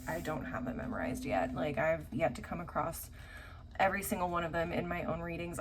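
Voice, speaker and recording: A woman giving a casual tarot reading, blunt and feisty, swearing freely. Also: lowish voice. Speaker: tarot reader. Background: faint construction noise.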